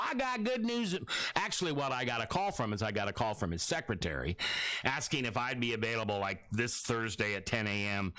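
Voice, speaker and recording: In a dry recording, a man with a lowish, sharp-toned voice chats casually as a radio host talking about his book. He rambles through a long personal story, interrupts himself to restart, and performs the lines others said to him.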